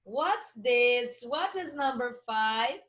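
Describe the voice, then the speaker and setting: Slow, lively Brazilian woman teaching kids. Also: fairly high pitch. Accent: Brazilian Portuguese. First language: Portuguese. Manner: slow, spelling words letter by letter, encouraging. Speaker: English teacher for children. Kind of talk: online children's lesson.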